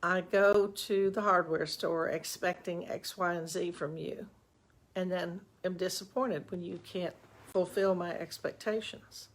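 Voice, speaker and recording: A woman's voice: on the low side, steady tone, a little slow. An older woman, a relationship coach, giving chatty, folksy advice on a live stream with self-mocking asides, into a webcam.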